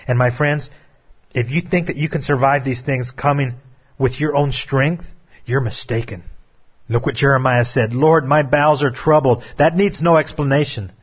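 Husky-voiced male preacher, lo-fi. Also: medium pitch. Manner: dramatic preaching, swings from hushed to raised. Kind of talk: sermon. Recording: dull lo-fi recording.

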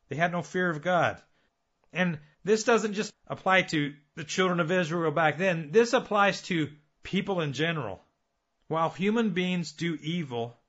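Guy preaching, earnest, lots of rhetorical questions, slightly high voice, muffled recording. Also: a bit bright. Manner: earnest, builds with repeated phrases and rhetorical questions. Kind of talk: sermon.

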